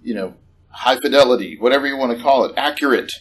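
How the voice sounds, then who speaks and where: A man preaching a sermon in a church, conversational and animated, rising in pitch on questions. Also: quick pace, low-quality recording. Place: church hall.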